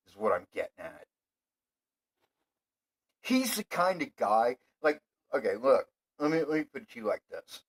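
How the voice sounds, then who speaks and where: A man hosting his own show, delivering a profane, rambling monologue that swears constantly and flares into heated yelling. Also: fairly low pitch, husky, low-quality recording.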